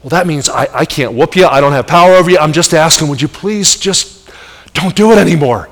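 A middle-aged male pastor preaches with animated emphasis, his fairly high voice climbing at key points and then dropping to soft asides. The sermon rings out with a long reverb from a large hall. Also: fairly quick.

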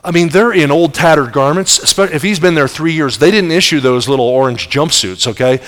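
A man's voice: fairly high pitch, brisk, fairly bright tone. A middle-aged man preaching a sermon, telling the story vividly and asking the audience rhetorical questions. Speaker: pastor. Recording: long reverb of large hall.

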